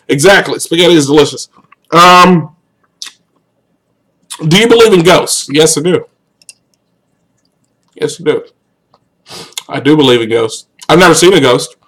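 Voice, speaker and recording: A young man with an American accent chats through a live-stream Q&A in a loose, joking way. His voice sits a little high, and it often jumps much higher for exclamations, with laughter breaking in. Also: fairly bright tone, poor audio. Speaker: YouTuber answering viewer questions on a live stream.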